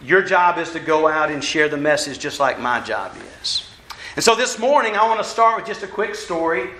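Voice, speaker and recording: Slightly high and animated, the minister's voice comes out pushed and bright at a moderate pace, with a little background noise. He strolls around while giving a homespun, self-deprecating, conversational sermon in an echoey church hall.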